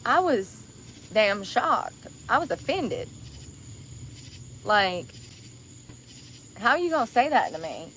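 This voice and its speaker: A woman chats to her livestream viewers in a bright, forceful voice. She rambles loosely and calls them y'all. Faint crickets and insects buzz behind her outdoors. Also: a little high, sing-song, takes it slowly, long pauses, slight background noise. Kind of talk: casual livestream chat. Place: outdoors on the street.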